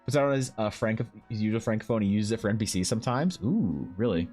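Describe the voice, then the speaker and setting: A man's voice: lowish voice, fast, faint music behind. A young man, streaming and chatting casually with his viewers, rambling and swearing freely. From Canada. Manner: rambling, animated, swears freely, lots of fillers.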